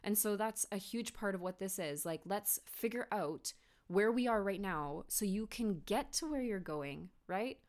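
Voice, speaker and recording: Speaking a little slowly and expressively at medium pitch, this woman runs a solo motivational podcast from her home office. She's earnest and encouraging, and asks lots of rhetorical questions.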